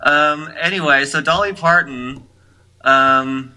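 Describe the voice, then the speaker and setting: A man's voice: a little high, slow pace, pushed and bright, low-quality recording. A man co-hosting a music podcast in casual chat, talking in a chatty way with plenty of "um" and "you know". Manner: chatty, lots of fillers and restarts. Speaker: podcast co-host.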